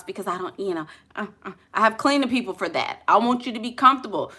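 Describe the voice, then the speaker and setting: A woman's voice: a little high, fast talker, bright, forceful tone. A woman with a New Orleans accent giving blunt, sassy relationship advice in a casual, colloquial way. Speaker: relationship coach.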